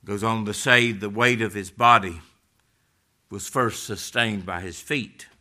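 Slow, bright-voiced preacher man. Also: mid-range voice. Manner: dramatic, swings from loud to hushed near-whisper. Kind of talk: sermon.

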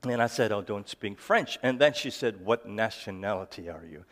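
The ministry founder's voice here is fairly low, animated, and a bit bright, with a little hiss or hum on the recording. Before a live audience he tells personal jokes and stories, halting, slightly slurred, and often restarting or using fillers.

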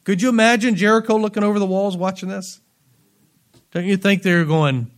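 A man with a high voice preaching to his congregation. He reads scripture aloud, then breaks into playful asides, and swings between loud emphasis and quiet, dropped endings. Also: steady tone, normal speed, pauses often. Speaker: pastor. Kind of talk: sermon.

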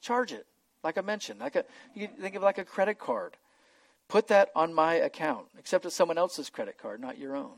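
A man's voice: high-pitched, big pitch swings, a little fast, gravelly, no room sound. A man preaching an expository sermon, earnest and emphatic, often repeating words as he goes.

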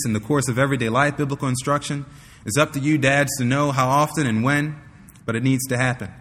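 A man's voice: mid-range voice, fairly bright tone, long reverb tail. A man preaching to fathers, teaching earnestly and telling a personal story. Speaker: pastor. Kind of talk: sermon.

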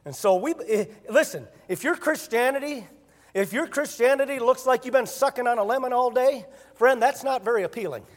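A man preaching a sermon as pastor, emphatic and rising to loud bursts. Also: extremely high pitch, brisk, big-room sound.

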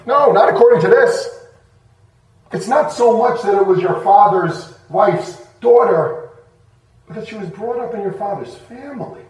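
A man's voice: high voice, measured pace, a little mellow, roomy sound, distant mic, rough recording. A middle-aged man preaching a sermon as pastor, in a conversational, self-deprecating way with sudden bursts of emphasis.

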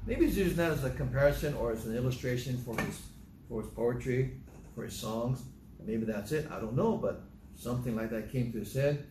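This male preacher speaks in a mid-range voice at a fairly quick clip, with background noise and room echo around him. He is delivering a sermon on a psalm, reading the scripture and then recounting it simply and conversationally, like telling a story.

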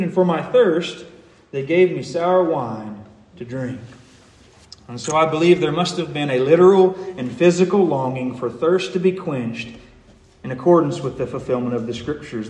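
A pastor preaching a sermon earnestly, rising to emphatic peaks and dropping to hushed asides, recorded in a church sanctuary. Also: male voice, high voice. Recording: echoey hall.

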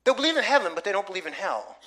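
Bright-voiced preacher man. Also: sits high, big pitch swings, racing. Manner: emphatic preaching with rhetorical questions. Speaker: pastor. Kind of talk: sermon. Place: church.

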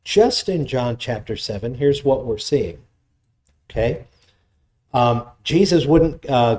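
A man's voice: medium pitch, darkish tone. A man preaching an expository sermon in a conversational way, retelling scripture in everyday voices.

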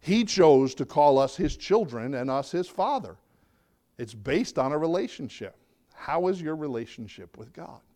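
A middle-aged pastor preaches a sermon in a fairly high-pitched voice. His delivery is conversational and casual, and he often sinks low and soft for emphasis. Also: expressive, normal speed.

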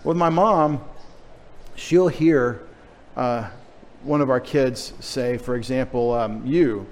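A man's voice: medium pitch, takes it slowly, a little mellow. A middle-aged man from Texas preaching a sermon with a light Texas accent, joking in chatty asides. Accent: Texan. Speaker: pastor. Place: church.

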